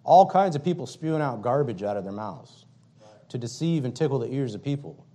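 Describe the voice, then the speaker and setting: A little fast and with lively intonation, a male preacher gives an emphatic, repetitive sermon full of fire, swinging from loud declarations down to quiet, low lines.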